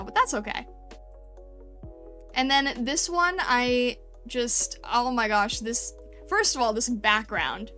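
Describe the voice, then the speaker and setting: A woman's voice: on the high side, sharp tone. A woman streamer chatting casually and gushing over fan art, full of fillers and little laughs. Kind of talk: casual live-stream chat.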